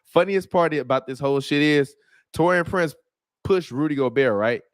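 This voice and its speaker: A man's voice: fairly high pitch, moderate pace, dry recording, studio quality. A man hosting a sports podcast, reacting to a clip in casual, slang-heavy, profane trash talk. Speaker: podcast host.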